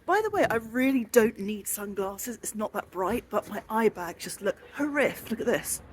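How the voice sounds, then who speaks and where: A woman's voice: on the high side, expressive, moderate pace. A woman in her forties with a southern English accent, chatting casually and rambling a little as she films a vlog while walking outdoors. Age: 40s. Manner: chatty, rambling, self-deprecating. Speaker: vlogger.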